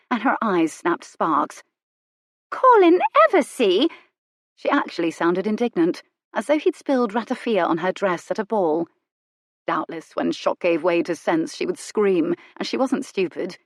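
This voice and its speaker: A woman narrating a romance audiobook with measured, wry storytelling. Her voice sits fairly low. The sound is dry and close, with no room in it. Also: no echo. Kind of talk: scripted narration.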